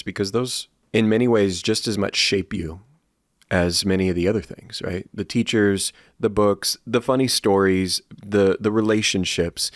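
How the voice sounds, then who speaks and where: A man's voice: sits low, no room sound, clean studio sound. A man hosting a school podcast, asking students questions in a friendly, loose way full of fillers. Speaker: podcast host. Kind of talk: casual podcast interview.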